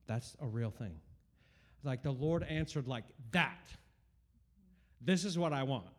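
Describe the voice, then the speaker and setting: A man in his forties gives a personal faith testimony, earnest and rambling, with lots of fillers and restarts. He speaks unhurriedly at a medium pitch with lively intonation.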